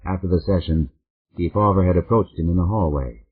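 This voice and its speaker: A man narrating a mystery novel in a steady, measured read. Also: low voice, husky. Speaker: audiobook narrator. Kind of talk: scripted narration. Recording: narrow phone-like audiobook sound.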